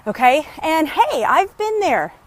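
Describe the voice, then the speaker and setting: A woman's voice: high voice, sing-song, measured pace. A middle-aged woman and business coach talking in a chatty, upbeat motivational vlog, filmed on a phone outdoors in her neighborhood. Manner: chatty, upbeat, greets neighbors mid-talk.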